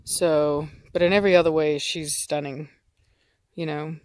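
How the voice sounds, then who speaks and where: A woman's voice: low voice, steady tone, normal speed, darkish tone, dry recording. A woman dog breeder talking casually outdoors, rambling with many fillers and restarts. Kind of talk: casual outdoor vlog chat. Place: outdoors in a yard with dogs.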